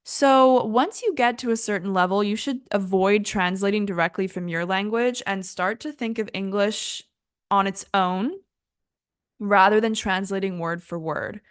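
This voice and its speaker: A woman's voice: medium pitch, measured pace, smooth, no room sound, studio quality. A young woman teaching an English lesson in a casual, chatty way, laughing easily at her own slips.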